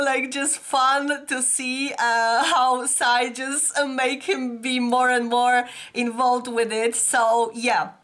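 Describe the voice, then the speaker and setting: A woman with a stuffy nose from a cold, chatting in a gushing, excitable, rambling way in a casual reaction vlog. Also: sits high. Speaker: music video reactor.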